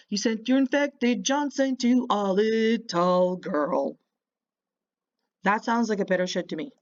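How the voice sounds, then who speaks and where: A woman's voice: mid-range voice, a little slow, muffled recording. A woman hosting a reaction video, mocking and insulting the person on screen with sarcastic commentary.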